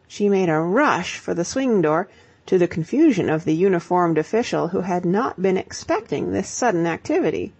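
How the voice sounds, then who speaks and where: Husky, gravelly woman narrating a novel. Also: fairly low pitch, animated, moderate pace, a little mellow, dull audio. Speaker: audiobook narrator. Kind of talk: scripted audiobook narration.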